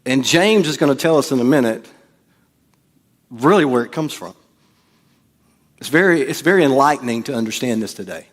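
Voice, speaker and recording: A man's voice: medium pitch, lively intonation, moderate pace, pauses often. A man preaching a sermon as pastor, in a casual, joking way and acting out quotes. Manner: conversational preaching with jokes and acted-out quotes. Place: church.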